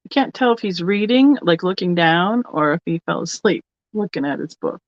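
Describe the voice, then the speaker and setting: A woman's voice: on the low side, expressive, moderate pace, no echo. Chatty woman running a live sale. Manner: chatty, rambling, thinking aloud while handling items. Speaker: host of a live online vintage sale. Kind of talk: casual live auction chat. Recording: slightly dull, lo-fi sound.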